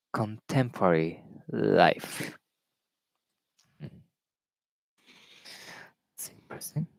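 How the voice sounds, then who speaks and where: Man reading aloud haltingly in English. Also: mid-range voice, no room sound. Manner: reads aloud haltingly, repeats words, greets viewers. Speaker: live stream host. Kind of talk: casual reading and commentary.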